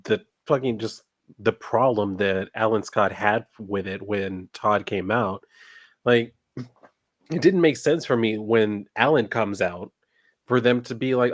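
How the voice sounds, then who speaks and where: A man's voice: lowish voice, unhurried. Heated, ranting man on a podcast. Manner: heated, ranting, swears freely. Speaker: podcast co-host. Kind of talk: casual pop culture chat.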